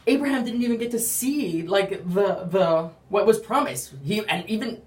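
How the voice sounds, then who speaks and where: Someone shares a casual faith testimony, rambling with heavy use of "like" and animatedly acting out quotes as they tell the story. The voice is mid-range at a moderate pace, recorded roomy and distant from the mic.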